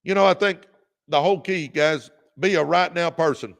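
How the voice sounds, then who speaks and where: A man with a gravelly, slightly high voice, hosting a motivational livestream. He urges viewers on in a revved-up, preacher-like way and calls them out by name. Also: moderate pace. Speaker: podcast host.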